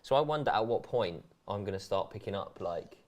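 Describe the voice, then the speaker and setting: A man's voice: lowish voice, lively intonation, a little fast. A man co-hosting a casual football watchalong, reading out viewer comments, chatty and laughing often. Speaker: co-host reading viewer chat. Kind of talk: casual chat during a match watchalong.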